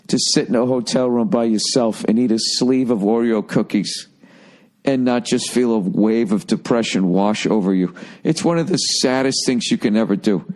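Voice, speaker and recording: Casting: middle-aged male podcast host, loose swearing monologue, dark mellow tone, middle pitch. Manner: animated, swearing, mimics people. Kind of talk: profane rambling monologue.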